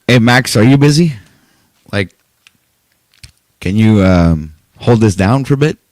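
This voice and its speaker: A man's voice: lowish voice, lively intonation, unhurried, darkish tone, dry recording. A man hosting a live stream, swearing and laughing with exasperation. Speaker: stream host. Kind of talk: casual live-stream banter.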